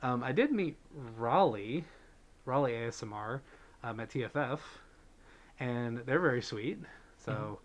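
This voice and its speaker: A livestream host chats easily with viewers, reading out their messages and thanking donors as he goes, in a loose, unscripted way. His middle-pitched voice moves at a measured pace with long pauses and a relaxed stream of fillers like "um" and "like."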